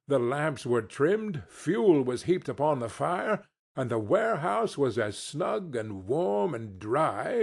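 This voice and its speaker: A man narrating a classic novel as an expressive audiobook reading. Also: medium pitch, gravelly, slightly rough. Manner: expressive, storytelling. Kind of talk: scripted narration.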